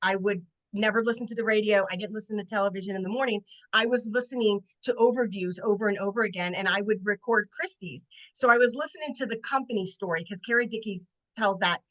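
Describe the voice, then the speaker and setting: A woman in her late forties, a network marketing consultant, telling an animated sales story on a team training video call. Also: mid-range voice, quick pace, hardly any pauses, rough recording. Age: 40s. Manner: animated, acts out voices in her stories.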